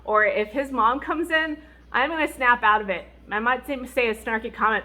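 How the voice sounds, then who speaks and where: A woman speaks as a Christian mom vlogger, offering candid advice rooted in her faith. She talks in a chatty, expressive way and laughs easily. She brings the stories to life by acting out what other people said. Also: a little high, moderate pace. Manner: laughs often.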